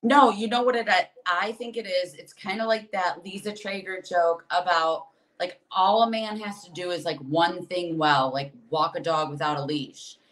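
A woman's voice: lowish voice, fairly even intonation, moderate pace, hardly any pauses, fairly bright tone, rough recording. A woman comedian, a podcast guest, talking candidly and venting with acted asides. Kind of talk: casual podcast chat.

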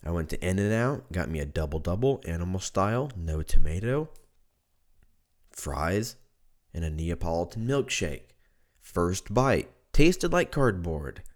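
A very low-voiced man talks slowly through a loose, profane solo monologue. He sounds drunk and stuffed up, drifting from one thought to the next at an unhurried pace. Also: expressive. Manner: rambling and profane. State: congested. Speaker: podcast host. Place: at home.

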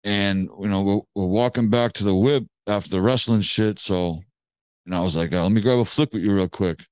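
A man tells a long story in casual slang, swearing freely and acting out what people said as an animated storyteller. His voice is fairly low, smooth, and fairly quick, with no room sound.

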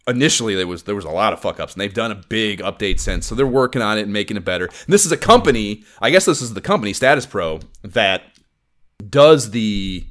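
This podcast co-host on a casual gaming show rambles, swears and leans heavily on fillers. He has a lowish, animated voice with a fairly bright tone, and he talks fast.

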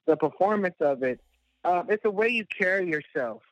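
A man's voice: high-pitched, lively intonation, moderate pace. A man telling a long, rambling personal story as a guest, full of fillers and laughing at himself. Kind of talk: casual storytelling. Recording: dull lo-fi dry sound.

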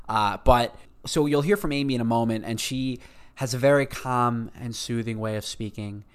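A man hosting his own podcast, talking in an energetic, restless way and often repeating words as he goes. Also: mid-range voice, normal speed, a little hiss or hum. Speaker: podcast host. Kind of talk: podcast intro monologue.

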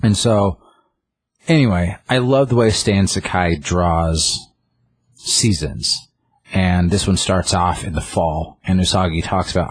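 Deep husky man rambling through a story. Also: a little slow, no room sound. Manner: rambling, filler-heavy, acts out characters' lines. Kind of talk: casual chat retelling a comic.

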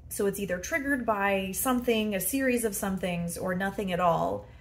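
A woman's voice: medium pitch, normal speed. A woman hosting a solo podcast from her bedroom as a head coach, chatty and self-deprecating, with many fillers. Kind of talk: casual solo podcast monologue.

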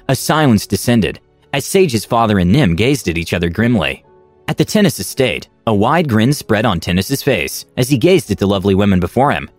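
Expressive male storyteller, dry close sound. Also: fairly low pitch, normal speed, no room sound, faint music behind. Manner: expressive, animated reading. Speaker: narrator. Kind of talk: storybook narration of a fantasy tale.

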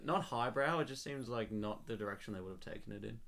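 Dry, wry man with a lowish voice. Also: fast, creaky, fairly bright tone. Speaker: co-host in a movie commentary. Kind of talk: casual movie commentary chat.

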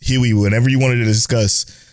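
A man co-hosting an anime talk podcast, chatting in an animated, excitable way and swearing freely. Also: medium pitch, moderate pace, smooth. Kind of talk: casual chat.

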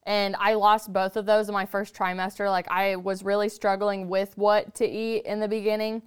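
Smooth-voiced profane woman storyteller. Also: mid-range voice, moderate pace. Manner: blunt, profane, animated storyteller. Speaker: podcast guest or host, mother. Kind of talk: candid casual conversation.

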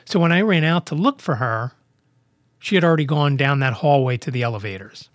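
A man's voice: a little high, brisk, dry recording, studio quality. A blind man hosting his own podcast, telling a personal story in a casual monologue and acting out both sides of the conversation. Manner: animated, acts out both sides of dialogue. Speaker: podcast host.

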